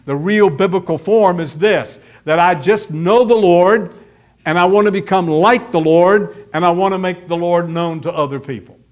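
A man's voice: sits high, normal speed. A middle-aged man preaching a sermon as pastor, folksy and emphatic, acting out quotes from people he talks about.

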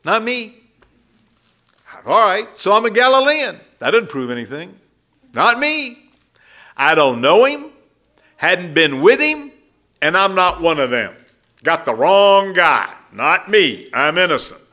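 A man's voice: high-pitched, sing-song, slow, pauses often, pushed and bright, full character voice. A man voicing a flustered male apostle who insistently protests his innocence during a Bible teaching. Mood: protesting. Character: defensive male apostle flustered under accusation.

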